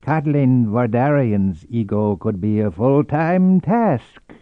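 A man's voice: medium pitch, animated, unhurried, no room sound, narrow, tinny audio, natural voice. A man voicing a grumbling, growling old count in an audiobook.

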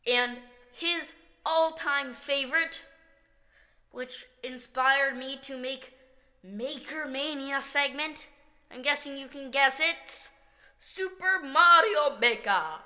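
A woman's voice: fairly high pitch, bright, forceful tone. A woman hosting a casual video, chatty and upbeat as she ranks favorite games. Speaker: video host. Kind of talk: casual game-ranking vlog. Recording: echoey room with long reverb.

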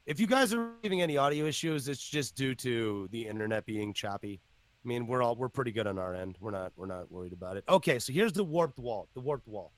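A man hosting a casual podcast, excitable and loud, swearing often. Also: medium pitch, a little fast, no echo. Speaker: podcast host.

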